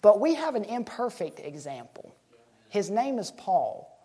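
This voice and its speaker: A woman preaching a sermon, asking the congregation questions and slowing down to stress key words. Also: medium pitch, big pitch swings, mellow, slightly rough.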